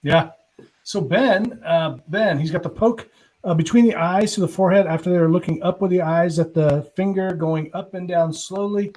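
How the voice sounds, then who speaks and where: A man with a fairly high voice hosts a live online hypnosis show over a video call. He thinks aloud, chats casually, and reads out questions from viewers. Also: moderate pace, darkish tone. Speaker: host hypnotist. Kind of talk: casual live-stream chat.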